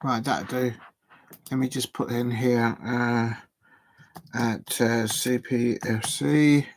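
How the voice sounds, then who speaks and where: A man speaks slowly and in a steady tone, his voice sitting mid-range. He's hosting a football watch-along stream in a South London accent, rambling through casual live chat and muttering to himself as he types.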